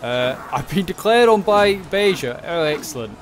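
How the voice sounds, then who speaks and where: A young man giving casual commentary on a strategy game, thinking aloud and muttering quick reactions. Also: a little high, animated, a little hiss or hum. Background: background music.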